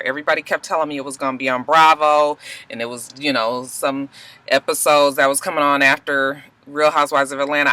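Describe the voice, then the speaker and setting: Bright-voiced woman vlogger, animated. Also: no room sound. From Georgia, USA. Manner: animated, swearing, laughing asides, big pitch jumps. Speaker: vlogger reviewing a TV show. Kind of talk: casual chatty review.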